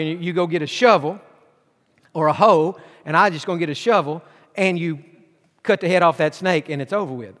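A man's voice: high voice, fairly bright tone. A man preaching a sermon, telling a folksy story with humor and building emphasis. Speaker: pastor. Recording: long hall reverb.

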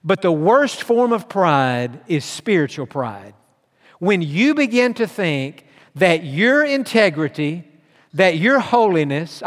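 A man's voice: high-pitched, in a large hall. A man preaching a sermon with earnest emphasis, reading scripture aloud and driving his points home. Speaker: pastor.

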